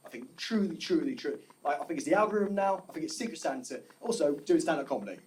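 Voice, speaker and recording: Young stand-up guy, highish voice, keeps restarting, lots of noise behind him. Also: expressive, quick pace. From United Kingdom. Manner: restless, full of restarts and swearing, laughs often. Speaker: stand-up comedian. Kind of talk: stand-up set. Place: small comedy club stage. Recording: live club recording with background noise.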